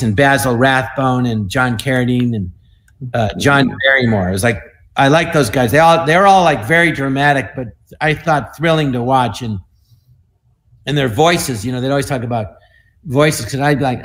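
A man in his sixties, a comedian telling stories on an online panel, animated and dropping into quick impressions. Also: medium pitch. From United States. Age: 60s. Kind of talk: casual storytelling.

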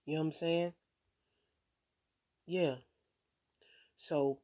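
A woman's voice: deep voice, steady tone, slow pace, creaky, pauses often, warm tone. Laid-back streetwise woman vlogging about faith. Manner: laid-back, streetwise, repeats "you know what I'm saying"; encouraging, preachy, swears casually. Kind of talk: casual faith-filled vlog monologue.

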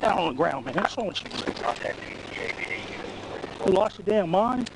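A man's voice: high voice, animated, unhurried. Man police officer barking commands. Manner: forceful, repetitive, stern. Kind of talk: shouted commands during an arrest. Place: outdoors on a street by a stopped car. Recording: body camera audio with background noise.

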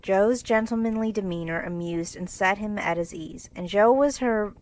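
Measured woman reading a storybook. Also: mid-range voice, rough recording. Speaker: narrator. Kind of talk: storybook reading for English learners.

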